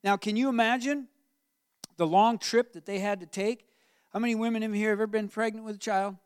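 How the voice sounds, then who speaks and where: Man, pastor, sermon, animated storytelling, high voice. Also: brisk, clean tone, no room sound, studio quality. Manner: animated preaching, acts out Joseph's voice, asks the room questions.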